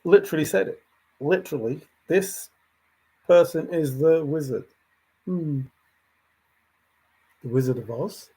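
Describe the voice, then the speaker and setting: Husky-voiced man musing on a livestream. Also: on the high side, measured pace, pauses often, warm tone. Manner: musing, thinks aloud and answers chat comments. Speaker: livestream host. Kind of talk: rambling livestream chat.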